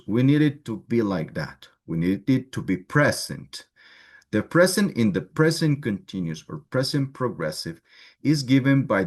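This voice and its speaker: A man with a Spanish accent teaching an English grammar class, explaining step by step and often checking in with "right?". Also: mid-range voice. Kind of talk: online class lecture.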